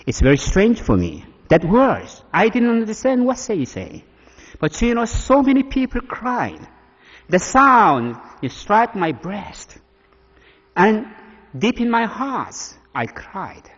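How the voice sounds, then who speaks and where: Male pastor, husky voice, lively rising and falling pitch, English, dull echoey hall recording. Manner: emotional, halting non-native English. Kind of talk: testimony sermon.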